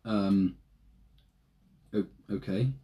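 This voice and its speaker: A man's voice: lowish voice, steady tone, drawn-out words, warm tone. A man, co-hosting a podcast in a casual, jokey chat and laughing often. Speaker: podcast co-host.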